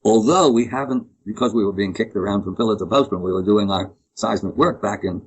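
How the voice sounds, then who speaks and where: Interview guest: man, husky tone, opinionated, rambling. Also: lowish voice, fairly quick, muffled recording. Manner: opinionated, rambling with frequent restarts. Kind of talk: conversational interview.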